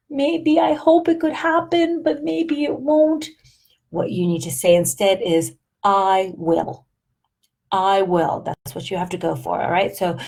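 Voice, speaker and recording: A woman's voice: medium pitch, darkish tone, slightly rough. A middle-aged woman coaching viewers in a live motivational talk, upbeat and emphatic, checking in with "right?" and "okay?" as she goes. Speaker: life coach.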